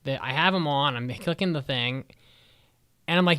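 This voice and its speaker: A man's voice: a little high, moderate pace, long pauses, pushed and bright, smooth, no room sound, clean studio sound. Swearing, ranting male podcast co-host. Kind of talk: casual chat, anime review.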